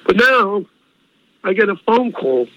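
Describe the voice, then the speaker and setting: A man's voice: high-pitched, measured pace, slight background noise. An older man, a singer telling stories in an interview, acting out the dialogue and chuckling as he goes. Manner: animated storyteller acting out quoted dialogue, chuckling often. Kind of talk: storytelling interview. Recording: slightly dull dry radio audio.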